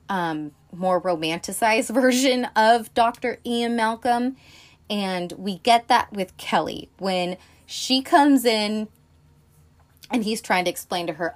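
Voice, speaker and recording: A woman talks through a film review in a relaxed, conversational way. Her voice sits at a middling pitch, and she peppers her talk with swearing, fillers and quick asides. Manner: chatty and profane, lots of fillers and asides. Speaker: film podcaster. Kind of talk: casual film review chat.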